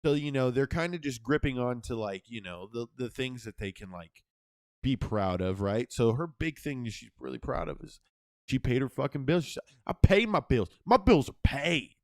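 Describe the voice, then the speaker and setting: A man's voice: medium pitch, lively intonation, moderate pace, creaky, a little mellow, no echo, studio quality. A man co-hosting a casual podcast chat, loose and profane, steering the talk with a slightly tired throat. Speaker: podcast co-host.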